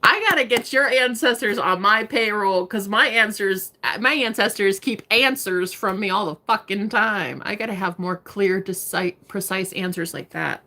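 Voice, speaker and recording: A young woman does live-stream tarot readings, chatting casually, swearing freely and laughing often. Her medium-pitched voice is bright and forceful, moving at a normal speed with few pauses.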